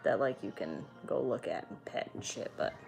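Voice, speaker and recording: A woman's voice: very deep voice, expressive, moderate pace, gravelly, a little mellow, soft background music. A young woman streaming from home, chatting casually with her viewers, swearing freely and answering their comments. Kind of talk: casual chat.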